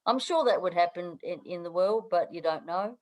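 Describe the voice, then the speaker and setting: A woman's voice: lowish voice, expressive, normal speed, poor audio. A middle-aged Australian woman chatting as an interview guest, laughing often and restarting her sentences. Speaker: guest, newspaper editor. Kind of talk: casual interview chat.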